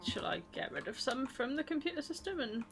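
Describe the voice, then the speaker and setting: A young woman from Britain co-streaming a game, chatty and quick to laugh. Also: high-pitched, sing-song, vocal fry, fairly bright tone. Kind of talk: casual game stream chat. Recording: faint keyboard clicks behind.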